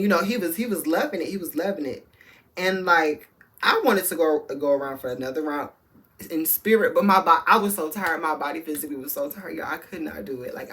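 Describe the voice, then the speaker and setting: A man's voice: sits high, fairly bright tone. A man vlogging a candid storytime, campy and sassy, speaking straight to his viewers in loose slang. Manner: campy, sassy, full of slang and frank talk to the audience.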